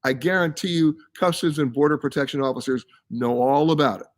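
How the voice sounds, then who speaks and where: A man hosting a live travel broadcast, chatting casually and stressing his points with emphasis. His voice sits somewhat high for a man. He reads viewers' comments aloud and answers each one off the cuff. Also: fairly quick. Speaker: travel show host answering viewer questions. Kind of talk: casual live-stream chat. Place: live from a science center.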